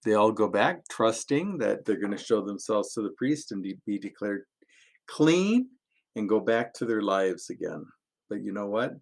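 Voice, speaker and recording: A male pastor with a fairly low voice tells stories in a lively, playful manner. He laughs often as he talks, keeping it light and friendly for a young audience. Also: moderate pace, gravelly. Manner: animated, laughing, playful storyteller. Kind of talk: children's sermon storytelling.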